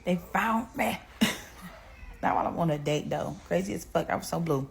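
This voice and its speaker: A woman casually telling a profane, animated story to her viewers. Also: low voice, moderate pace, vocal fry.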